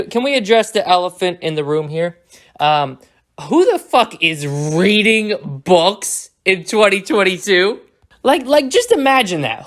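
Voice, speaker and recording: A film reviewer delivering a satirical, heavily profane rant in a sarcastic, mocking manner. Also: medium pitch.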